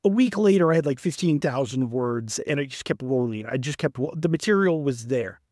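He's a middle-aged author with a Southern US accent, animatedly telling stories in an informal interview and raising his voice to impersonate quoted friends. His mid-range voice moves fairly quickly, captured in clean studio sound with no echo.

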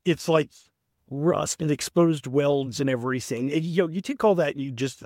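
A middle-aged author with a Southern US accent tells stories at length in a relaxed interview, jumping up in pitch whenever he acts out what a friend said. His man's voice sits a little high. The recording is close and dry, with no room sound. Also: moderate pace, no echo. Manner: animated storyteller, acts out quoted friends in a raised voice. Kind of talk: casual storytelling in an interview.

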